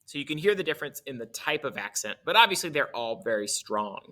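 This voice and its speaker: A man's voice: mid-range voice, sing-song, quick pace. A male music teacher explaining articulation in a casual way, correcting himself as he goes and demonstrating on his instrument.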